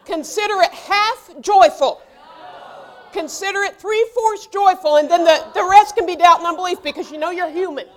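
A middle-aged woman pastor preaching a lively sermon, acting out quoted dialogue and rising into shouts. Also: very high-pitched, moderate pace.

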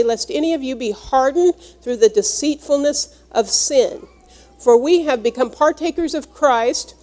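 Woman preacher, high voice, earnest teaching sermon delivery. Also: darkish tone. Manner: earnest, teaching, explains each word. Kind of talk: sermon with scripture reading.

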